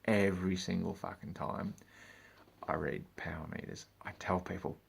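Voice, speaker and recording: A man's voice: low-pitched, fairly even intonation, normal speed, vocal fry, breathy edge. A man, ranting in a vlog about his work as a meter reader, swearing and exasperated.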